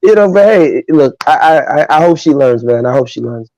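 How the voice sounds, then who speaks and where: A man from Nigeria, a guest on a podcast livestream, telling stories in an animated, emphatic way with lots of asides. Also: on the high side, normal speed, no room sound, lo-fi sound. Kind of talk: casual podcast chat.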